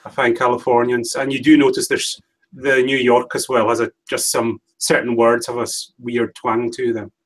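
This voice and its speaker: Man, podcast co-host, mid-pitched, chatty, loses his thread and restarts. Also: level tone, normal speed, rough recording. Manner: rambling, hesitant, with many restarts. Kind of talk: casual chat.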